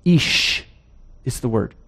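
A man preaching a sermon as pastor, emphatic, posing rhetorical questions and slowing down to stress key words. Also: sharp tone.

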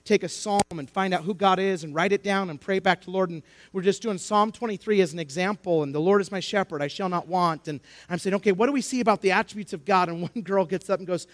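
A man preaching a sermon, building to impassioned, shouted emphasis with repeated rhetorical questions. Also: sits high, brisk.

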